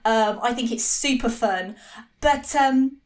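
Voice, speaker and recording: Young woman podcast guest, bright high voice, chatty and self-deprecating, laughs a lot. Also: takes it slowly. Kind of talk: casual chat.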